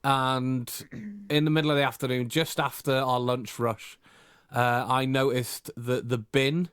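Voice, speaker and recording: A man's voice: medium pitch, little pitch movement, unhurried, fairly bright tone, clear, resonant tone, no room sound, studio quality. A man co-hosting a podcast, telling a story in a casual, rambling way with fillers. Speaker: podcast co-host. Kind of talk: casual chat, anecdote.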